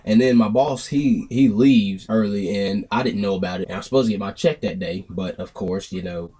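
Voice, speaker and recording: A man's voice: on the low side, moderate pace, breathy edge. Young man rambling through a storytime. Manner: rambling, animated retelling with acted-out quotes. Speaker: vlogger telling a story. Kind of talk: casual storytime monologue.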